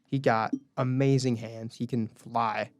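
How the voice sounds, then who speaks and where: A man's voice: mid-range voice, fairly even intonation, measured pace, dry recording. Young male college radio co-host, leads the segments and reads off numbers, dry booth sound. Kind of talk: casual sports talk.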